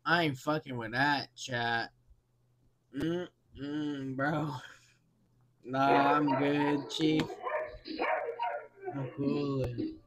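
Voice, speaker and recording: A man's voice: mid-range voice, fairly even intonation, extremely slow, long pauses, a loud crowd. A man live-streaming his reactions to videos, talking casually and profanely to his chat in heavy slang.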